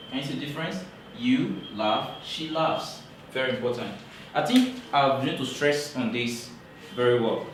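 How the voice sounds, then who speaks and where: A man teaching English grammar in a classroom lecture, talking slowly and repeating key points for emphasis. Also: medium pitch, a little hiss or hum. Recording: very echoey room, voice from far off.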